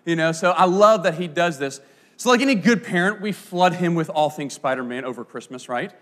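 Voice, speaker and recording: A man in his thirties delivers a sermon in a bright, high voice that swings widely up and down. He tells funny stories from his own life in a lively, playful way, full of asides to his listeners. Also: fairly quick. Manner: animated, playful storyteller with frequent asides. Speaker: pastor. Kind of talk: sermon with storytelling.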